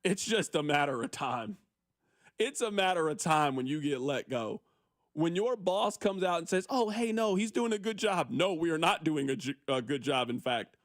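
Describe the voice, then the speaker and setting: A man hosting a sports radio show, riffing on listener texts in an animated, opinionated way. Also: on the high side, moderate pace, no echo, studio quality. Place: radio studio.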